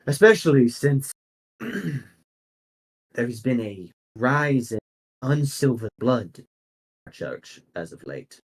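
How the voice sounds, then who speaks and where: Male GM voicing a self-assured fanatical priestess, husky. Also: lowish voice, darkish tone. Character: zealous priestess of a dark church.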